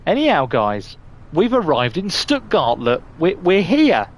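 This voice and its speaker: A man's voice: on the high side, huge pitch swings, measured pace. A man chatting casually and rambling through a live game stream, often restarting and swearing mildly. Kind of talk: casual live gameplay chat.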